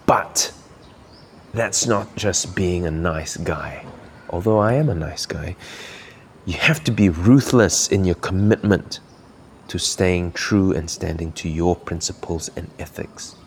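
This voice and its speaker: A man's voice: low voice, unhurried, darkish tone, slight background noise. A man from Malaysia hosting a podcast, giving earnest, encouraging coaching talk while thinking aloud. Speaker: podcast host.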